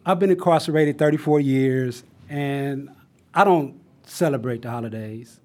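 A middle-aged man with a mid-range voice talks in a calm, measured way. He shares a reflective personal account at a round table. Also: mid-range voice.

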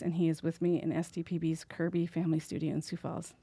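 A woman's voice: fairly low pitch, little pitch movement, fairly quick, hardly any pauses, dark tone, no echo. Woman radio host, dry studio sound. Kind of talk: radio interview.

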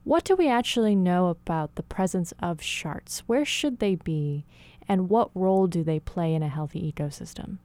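A woman hosting a radio interview, asking measured, thoughtful questions. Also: lowish voice, expressive, mellow, dry recording. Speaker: radio host.

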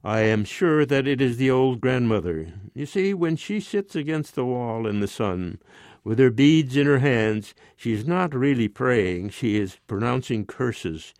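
A man's voice: medium pitch, lively intonation, a little slow, a little mellow, dry recording, studio quality. A man reading the part of an anxious, superstitious peasant wife who pleads and insists in a slightly raised voice. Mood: pleading.

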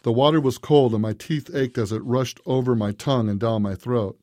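A man reading a story aloud as narrator, in a measured, even way. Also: mid-range voice, no room sound, clean studio sound. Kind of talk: scripted narration.

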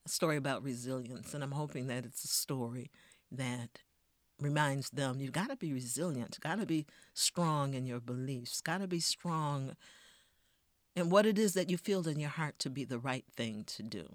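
A woman storyteller, telling a tale with expressive, rhythmic delivery and then talking in an interview. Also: normal speed, dry recording, studio quality. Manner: expressive, rhythmic storytelling with wide swings in pitch and volume. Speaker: storyteller guest.

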